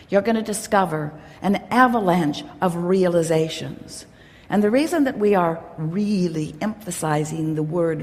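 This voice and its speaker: A woman's voice: fairly low pitch, a little mellow. A woman giving an emphatic, teacherly motivational talk to a live audience, speaking of herself as "we". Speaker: inspirational speaker at a live gathering. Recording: long hall reverb from a live event.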